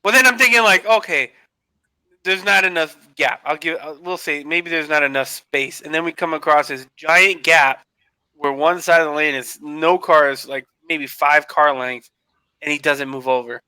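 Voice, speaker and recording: Man, casual podcast talker, clear bright voice, slightly higher pitch, dry close sound. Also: normal speed, dry recording. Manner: animated storytelling, heavy swearing. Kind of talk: casual chat.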